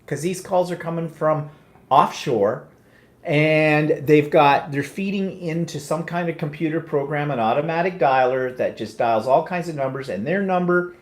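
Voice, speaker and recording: A man's voice: a little high, moderate pace. A man co-hosting a casual live chat show, teasing his co-host and steering the talk back on track. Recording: roomy echo.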